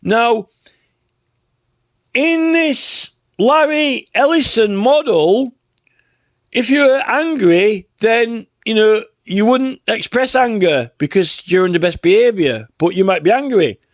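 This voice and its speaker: A man's voice: high voice, lively intonation, takes it slowly, no room sound. A man talking off the cuff in a rambling, sarcastic rant, full of "you know" and "right?". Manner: sarcastic, mocking. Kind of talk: casual spoken rant.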